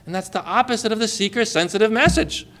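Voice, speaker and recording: A man's voice: high-pitched, lively intonation, fast talker, fairly bright tone. A man preaching a sermon, emphatic and acting out the people he quotes. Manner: emphatic, acts out quoted voices.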